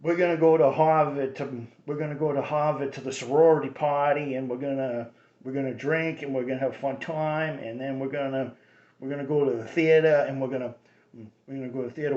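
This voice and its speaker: A man's voice: mid-range voice, darkish tone, natural voice. A man doing a posh Boston Brahmin college kid. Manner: drawn-out upper-crust tone. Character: posh young Cambridge college partygoer. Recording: roomy dull lo-fi recording.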